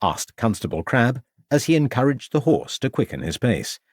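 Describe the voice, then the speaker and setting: A man narrating a crime novel as an audiobook, in a measured storytelling manner. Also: medium pitch, very animated, dry recording, clean studio sound. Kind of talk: scripted narration.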